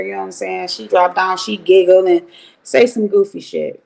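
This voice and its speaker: A middle-aged woman from Cleveland giving blunt, profane, animated commentary on a livestream. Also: mid-range voice, fairly quick, gravelly. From Cleveland, Ohio.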